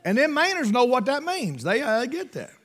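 A man preaching a sermon in a folksy, emphatic way, swinging between loud bursts and hushed asides. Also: extremely high pitch, wildly swooping pitch, fairly quick.

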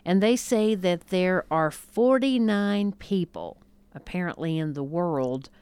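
A woman's voice: fairly low pitch, animated, slow pace, a little mellow, smooth, dry recording. A woman co-hosting a radio show, chatting casually and reading listings with hesitant fillers. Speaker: radio co-host. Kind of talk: casual on-air chat and listings. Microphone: studio mic.

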